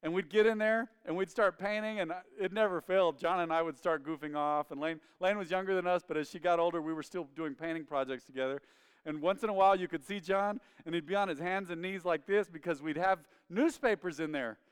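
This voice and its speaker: A man preaching a sermon as a pastor, telling family stories in an animated way and acting out his father's lines loudly. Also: high voice, brisk, smooth. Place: church sanctuary. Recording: reverberant church sanctuary.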